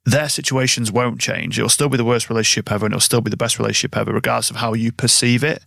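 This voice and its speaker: A man hosts a conversational podcast, his mid-pitched voice gravelly at the edges. He tells stories in a reflective, unhurried way, and the sound is close and dry with no room around it. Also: steady tone, fairly bright tone, dry recording. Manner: reflective, anecdotal, drawn-out phrasing. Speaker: podcast host. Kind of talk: conversational interview.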